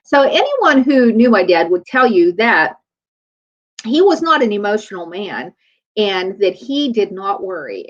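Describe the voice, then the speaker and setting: A middle-aged woman chiropractor giving a faith-based motivational talk in a conversational, storytelling way. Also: medium pitch. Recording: dull lo-fi recording.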